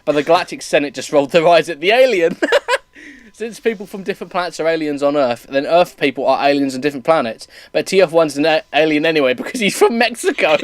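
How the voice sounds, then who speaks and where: A man's voice: fairly high pitch, animated, fast talker, no room sound. Giggly man reading fan fiction. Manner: laughs often, stumbles over words. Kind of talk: comedic dramatic reading with commentary.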